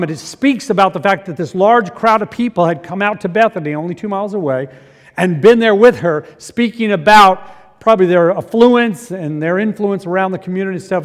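A man with a high-pitched voice preaches a sermon. He climbs to loud, urgent peaks and then drops to quiet, intense asides. His words ring out with the long reverb of a large hall. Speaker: pastor.

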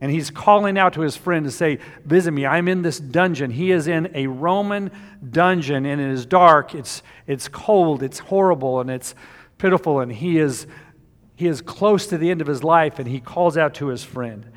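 A middle-aged man preaches a sermon in a somewhat high voice. He swings from loud, driving emphasis to hushed, tender passages. The sound carries a long reverb from a church sanctuary. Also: normal speed. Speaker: pastor.

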